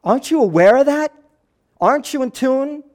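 A man's voice: extremely high pitch, animated, a little mellow, pitched above the performer's own voice. A man preaching, voicing an ancient male disciple who fires off disbelieving questions in exasperation. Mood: incredulous. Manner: rapid-fire disbelieving questions.

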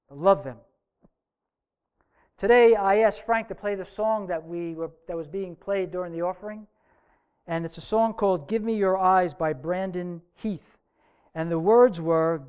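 A man's voice: high voice, a little slow, darkish tone, clean tone. A man preaching a sermon to his church, earnest, stretching out key phrases for emphasis. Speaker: pastor.

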